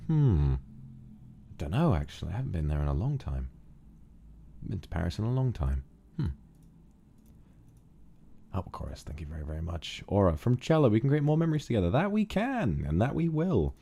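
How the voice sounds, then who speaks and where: A man's voice: on the low side, fairly quick, gravelly, pauses often, a little hiss or hum. A man with a British accent chatting casually on a stream, reading donations, rambling and laughing often. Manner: relaxed, rambling, laughs often, hums to himself.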